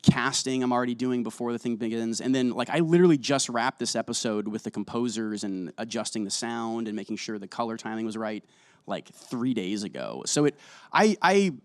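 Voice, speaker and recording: A man's voice: mid-range voice, expressive, a little fast, no room sound, studio quality. A man, a guest on an interview show, chatting playfully and rambling between jokes and earnest answers, tired and just over a cold. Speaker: guest actor and director. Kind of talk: casual interview chat.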